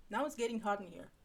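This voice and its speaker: Gravelly-voiced woman reading fan fiction. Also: a little high, slight background noise. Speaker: live-stream fanfiction reader.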